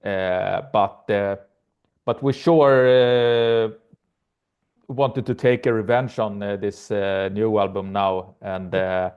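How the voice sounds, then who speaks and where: A man, a band's guitarist and lead singer, answering interview questions in English with many pauses. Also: fairly low pitch, steady tone, clear, resonant tone, narrow, tinny audio. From Sweden.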